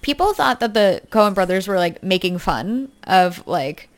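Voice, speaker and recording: A woman's voice: medium pitch, very animated, measured pace. A woman in casual conversation about a film, agreeing eagerly and laughing often. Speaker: podcast co-host.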